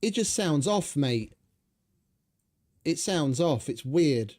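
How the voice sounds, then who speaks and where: A man's voice: on the high side, lively intonation, slow pace, a little mellow. A young man giving rambling, sarcastic, swearing commentary over his gameplay. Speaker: gaming channel host.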